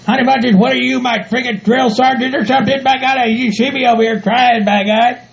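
A man voicing a gruff, grumbling hillbilly rancher in a comedy audio skit, swearing and repeating himself constantly. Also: extremely high pitch, fairly even intonation, a little fast. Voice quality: gravelly, exaggerated country hick voice. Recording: dull lo-fi home recording.

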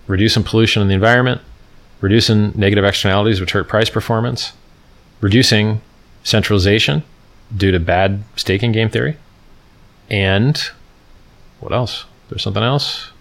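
With a lowish, fairly bright voice at normal speed, this host pauses often. He rambles and mocks on a casual livestream, reading from his screen and speaking to chat.

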